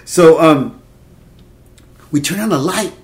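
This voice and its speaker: A man in his fifties telling a dating story in casual chat, animated and laughing, acting out quotes. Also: a little high, slow pace, creaky. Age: 50s. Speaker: podcast co-host.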